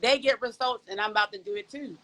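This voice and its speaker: A woman's voice: fairly high pitch, quick pace, crowd noise, poor audio. A woman from Pittsburgh with a Pittsburgh accent, a podcast guest chatting casually and animatedly about her experience, talking straight to the listeners. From Pittsburgh, Pennsylvania. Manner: animated, talks to the audience as y'all, folksy. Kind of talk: casual testimonial chat.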